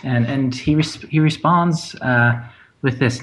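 A man's voice: mid-range voice, slow, low-quality recording. A man who is a playwright, speaking in a casual conversation as a guest, often restarting and repeating words.

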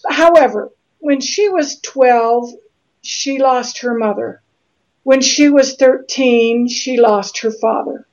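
Woman, middle-aged, slow and earnest, halting, higher voice. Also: darkish tone. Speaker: guest author. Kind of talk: interview conversation. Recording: slightly dull lo-fi audio.

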